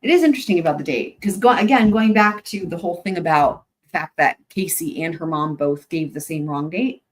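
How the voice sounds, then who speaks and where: A woman with a lowish voice talks through case files in a casual, thinking-aloud way. She hesitates and restarts often, and slips in dry, sarcastic remarks. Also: brisk, hardly any pauses. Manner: wry, sarcastic asides. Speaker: true-crime commentator. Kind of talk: casual commentary while reading case documents.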